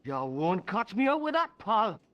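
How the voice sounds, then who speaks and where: An actor playing a drunken male Geordie football fan in a video game, loud, matey and slurring. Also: high-pitched, sing-song, normal speed, lo-fi sound, exaggerated voice. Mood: boozy banter.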